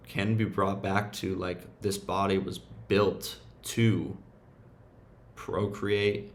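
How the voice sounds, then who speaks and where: A man's voice: lowish voice, slight background noise. A man hosting a self-help talk, speaking in a loose, emphatic, slangy way and swearing freely. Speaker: meditation and self-help host. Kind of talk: casual motivational rant.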